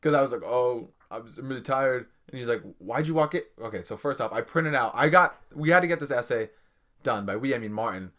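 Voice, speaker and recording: A man's voice: medium pitch, a little fast, fairly bright tone. A young man co-hosting a podcast, telling a work story in casual chat, acting out the people in it and laughing often. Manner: storytelling with quoted voices and laughter. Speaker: podcast co-host.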